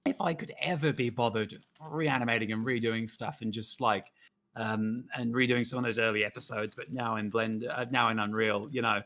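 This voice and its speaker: A man's voice: mid-range voice, steady tone, brisk, fairly bright tone. A man chatting casually on a live stream, rambling, laughing often and swearing freely. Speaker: guest animator.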